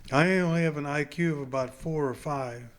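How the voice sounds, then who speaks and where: A man's voice: fairly high pitch, brisk, natural voice. Man reading as a prankster catcher, teasing and mock-pitiful, storybook voice. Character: joking young male baseball catcher, a prankster.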